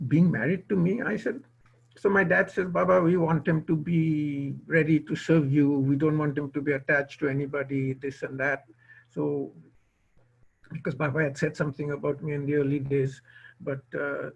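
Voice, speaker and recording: A man's voice: fairly high pitch, fairly even intonation, normal speed, creaky, slightly rough, dull audio. An older man, born in India, tells a personal story at an online gathering, quoting remembered conversations. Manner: retells remembered dialogue, quoting others. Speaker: guest speaker. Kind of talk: storytelling talk. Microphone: video call.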